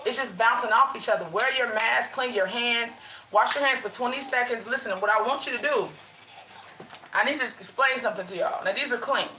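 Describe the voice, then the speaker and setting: A woman's voice: on the high side, a little fast, bright, forceful tone, roomy sound, slight background noise, poor audio. Chatty woman vlogging from her bedroom. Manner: chatty, addresses viewers as y'all, lots of restarts. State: runny nose. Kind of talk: casual livestream chat.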